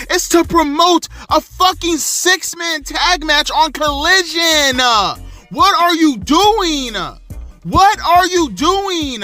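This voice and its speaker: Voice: high-pitched, bright, forceful tone. A wrestling vlogger in an angry, profane, exasperated rant, delivering heated commentary. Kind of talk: ranting commentary.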